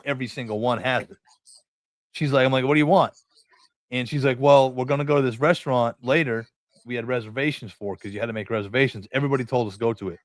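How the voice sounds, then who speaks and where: With a medium-pitched, slightly bright voice, this podcast host, a middle-aged man from New England, spins meandering, foul-mouthed stories and performs the characters' lines. The sound is clean studio audio without any room sound.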